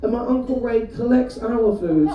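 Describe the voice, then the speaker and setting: A man from the UK doing a stand-up comedy set, telling chatty stories and throwing quick asides to the audience. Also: very high voice, dark tone. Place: comedy club stage. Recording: roomy live venue, mic heard from a distance. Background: audience laughter.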